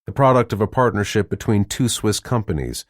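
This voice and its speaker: A man narrates an audiobook in a measured, even storytelling style. His pitch is fairly low, and the scripted narration is recorded with studio quality and no echo.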